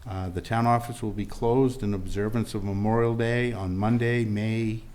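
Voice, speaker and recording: A man's voice: lowish voice, steady tone, normal speed, darkish tone. A man, a town official, reading a list of upcoming meetings with dates and times in a plain manner.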